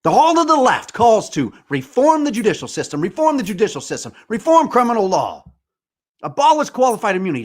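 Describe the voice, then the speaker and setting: A man's voice: high-pitched, wildly swooping pitch, fairly quick. A man in his forties, a podcast host, delivering an angry, profane, impassioned monologue. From United States.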